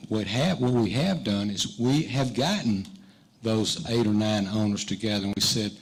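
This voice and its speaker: Confident mayor, low voice. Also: male voice, breathy edge, rough recording. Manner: confident, rebutting. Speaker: mayor running for reelection. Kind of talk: forum answer.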